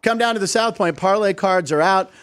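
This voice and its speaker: A man hosting a sports betting talk show, chatty and quick to laugh. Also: high-pitched, fairly bright tone. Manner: chatty, laughs often, plugs the venue. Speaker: host.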